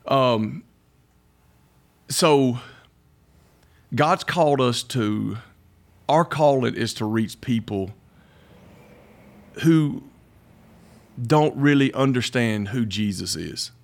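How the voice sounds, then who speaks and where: A middle-aged man, a pastor telling his story in a casual interview, folksy and quick to laugh. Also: mid-range voice, creaky. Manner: folksy, laughs often, quotes himself.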